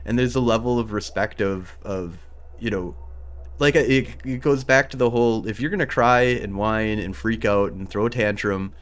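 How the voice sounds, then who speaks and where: A man hosting a gaming talk stream, chatting casually and excitably, swearing and acting out his own reactions with laughter. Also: fairly low pitch, moderate pace. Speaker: host of a livestreamed gaming talk show reading chat. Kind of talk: casual chat.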